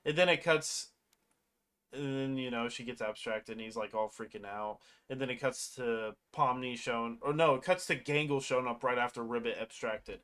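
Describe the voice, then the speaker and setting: Casual movie recapper, rambling and profane, mid-pitched voice, slips into animated quotes. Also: normal speed. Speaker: movie reviewer.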